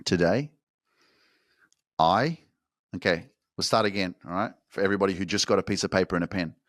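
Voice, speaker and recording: Talking very fast in a low, steady, slightly bright voice, this motivational podcast host fires up his audience with profane, slang-filled exhortation in a casual style. The microphone recording is studio quality with no echo.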